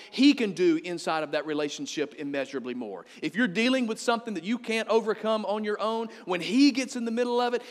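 Man, pastor, high voice, energetic preaching, long hall reverb. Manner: energetic preaching, quoting scripture with emphasis. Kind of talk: sermon.

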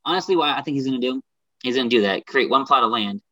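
A man's voice: medium pitch, lively intonation, fast talker, sharp tone, dry recording. A man from Ohio co-hosting a podcast, explaining a local story at length and repeating himself. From Ohio, United States. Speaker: podcast co-host. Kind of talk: casual podcast discussion.

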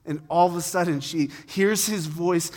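A man preaching in a loose, conversational way, his voice sitting fairly high for a man. He retells the story with animation and easy laughter. The sound carries a long reverb, like a large hall. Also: moderate pace, a little mellow. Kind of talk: sermon.

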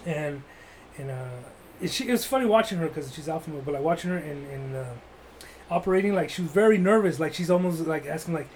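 A man's voice: fairly high pitch, lively intonation, fast, darkish tone, a little hiss or hum, low-quality recording. A man telling a rambling, crude, joking story in casual chat, full of "like" and restarts.

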